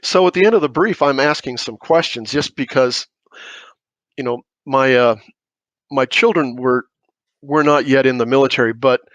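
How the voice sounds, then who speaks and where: A man's voice: medium pitch, moderate pace, a bit bright, no echo, lo-fi sound. A middle-aged man telling war stories as a podcast guest, rambling through restarts and asides. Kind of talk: casual storytelling.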